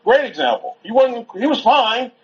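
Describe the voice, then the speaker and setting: A man with an extremely high, sing-song voice speaks at a moderate pace, delivering an informal, rambling sermon at a Sabbath gathering. He repeats himself, talks conversationally, and pauses to soothe a toddler. The recording is dull and lo-fi.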